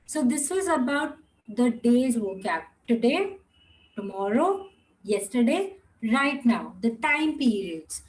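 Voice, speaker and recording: A young woman with a high voice teaches an online class. She goes patiently, repeating each word slowly and stretching its tones. Now and then she slips into another language mid-sentence. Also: big pitch swings, low-quality recording.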